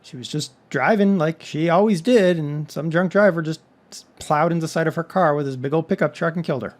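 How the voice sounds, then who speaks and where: A man from Texas hosts a casual video chat. His voice sits a touch high for a man. He wanders from point to point and breaks in with joking asides. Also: brisk. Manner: rambling, conversational, with joking asides. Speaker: vlog host. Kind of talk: casual monologue.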